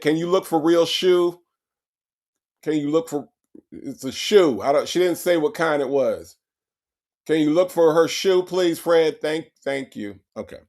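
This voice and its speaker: Reading names off his chat, a male livestream host greets every viewer with several hellos. He has a mid-range, creaky voice with a darkish tone.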